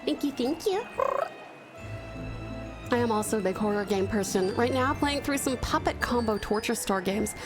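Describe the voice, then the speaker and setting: A woman's voice: fairly high pitch, expressive, normal speed, long pauses. A woman from Australia streaming from home, chatting casually and gushing thanks to viewers with pet names. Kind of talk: casual live-stream chat. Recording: music playing behind.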